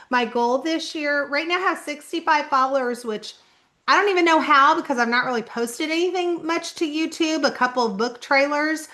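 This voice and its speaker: A woman's voice: on the high side, bright, forceful tone. A middle-aged woman with a slight Southern Indiana twang, chatting casually to camera as an author introducing her channel. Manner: chatty, self-conscious, laughs often. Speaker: author vlogger.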